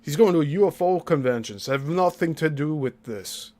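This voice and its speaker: A man's voice: on the high side, lively intonation, moderate pace, dark tone. A man hosting a commentary podcast, breaking down an interview with critical, pointed remarks. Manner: critical, pointed asides to co-host. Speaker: host.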